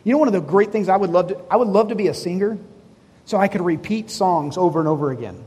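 A man preaching a sermon with a fairly high, husky voice, which rings out in a reverberant hall. He talks in a conversational way, putting questions to the congregation and acting out bits of dialogue from the story. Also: expressive, quick pace, mellow. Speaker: pastor. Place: church hall before a congregation.

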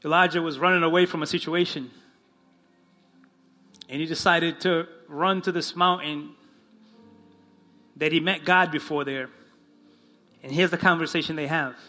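A man with a high, bright voice preaches a sermon as a pastor in church. He talks expressively and slows right down, going low and quiet whenever he quotes a line. Soft music plays faintly underneath. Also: steady tone. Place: church in front of a congregation.

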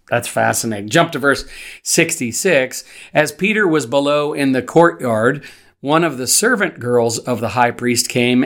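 Pastor, man, mid-pitched voice, unhurried expository sermon with plain talk and scripture readings. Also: fairly bright tone. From United States. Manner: conversational teaching, reads scripture aloud with pauses and fillers.

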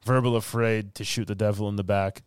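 A man's voice: on the low side, steady tone, fairly quick, clear, resonant tone, no room sound, clean studio sound. A man co-hosting a podcast, casually recapping a film and acting out lines in silly voices. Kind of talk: casual chat.

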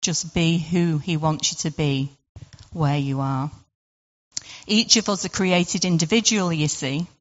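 A woman gives an informal devotional talk in a low voice, leaning on rhetorical questions and "sort of" fillers. The recording sounds dull and lo-fi. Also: measured pace, in a large hall. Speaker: devotional speaker.

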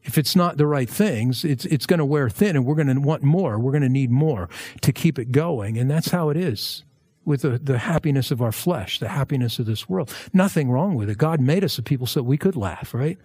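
A male pastor preaching a verse-by-verse sermon in a conversational way, with jokey asides and lively emphasis. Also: medium pitch, moderate pace, breathy edge, no echo.

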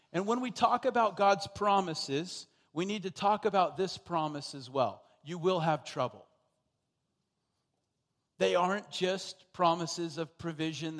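Man, pastor, sermon, emphatic, repetitive, slightly high voice, long church reverb.

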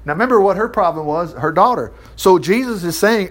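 Preacher man reading scripture and commenting, animated delivery, voice jumps all over. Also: on the high side, fast, hardly any pauses. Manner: animated, reads verses and breaks in with asides. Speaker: Baptist preacher. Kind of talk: sermon teaching with scripture reading.

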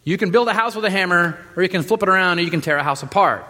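A man preaching a sermon in a relaxed, joking way, with many fillers and restarts. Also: sits high, racing. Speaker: pastor. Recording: reverberant hall.

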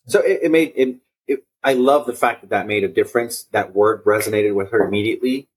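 A man's voice: medium pitch, fast talker, slightly rough. A man guest on a podcast, telling personal stories in an earnest, reflective way, often repeating and restarting his phrases. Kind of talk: reflective conversational storytelling.

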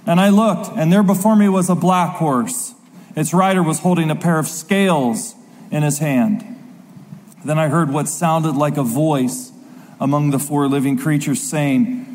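A man preaching a sermon, reading scripture aloud dramatically with slow, emphatic stresses. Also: high voice, a little mellow. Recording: long reverb of a large hall.

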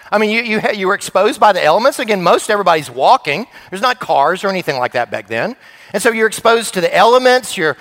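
Man, pastor, sermon, animated storyteller, very high voice, long hall reverb. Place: church sanctuary.

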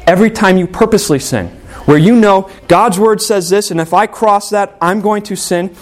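A man preaching a sermon, earnest and emphatic, with dramatic pauses on key words. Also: high voice.

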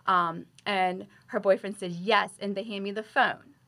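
Guest, female nurse, 30s; animated, conversational storyteller who voices her own past remarks. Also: medium pitch, measured pace.

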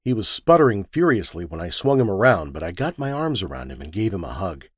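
A man narrating a first-person story with a wisecracking, lively storytelling manner. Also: deep voice, brisk, slightly rough, no echo, clean studio sound.

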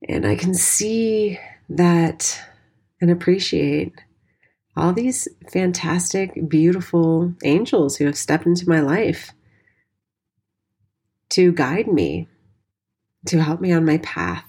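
Low, gravelly woman in her forties. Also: expressive, slow, pauses often, a little mellow. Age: 40s. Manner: candid and heartfelt, swears freely. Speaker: dance teacher and studio owner. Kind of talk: personal storytelling monologue.

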